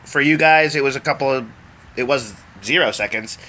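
A man's voice: mid-range voice, brisk, sharp tone, muffled recording. A man hosting a casual podcast from home, chatting in a loose, profane, laid-back way. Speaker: podcast host.

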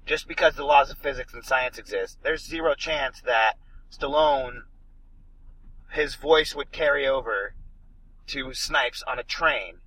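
A man's voice: medium pitch, measured pace, bright, forceful tone, slight background noise, rough recording. A man ranting and swearing as he picks apart an action movie in a casual podcast chat. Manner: ranting, profane, emphatic. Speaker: podcast co-host.

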